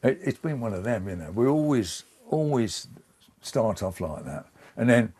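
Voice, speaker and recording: An older man, giving a hesitant, halting interview and often repeating words. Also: on the low side, big pitch swings, dark tone. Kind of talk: reflective casual interview.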